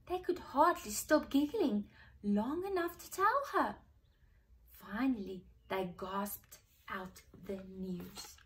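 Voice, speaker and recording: Expressive woman reading a picture book aloud. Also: medium pitch. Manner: expressive, pauses to ask the listeners questions. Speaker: preschool teacher.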